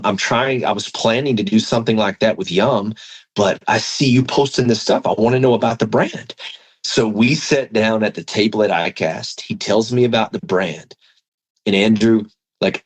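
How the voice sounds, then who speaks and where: A man's voice: lowish voice, slightly rough, rough recording. A man, a fishing tackle executive, telling a story in a casual interview and acting out the dialogue. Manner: animated, acts out quoted dialogue.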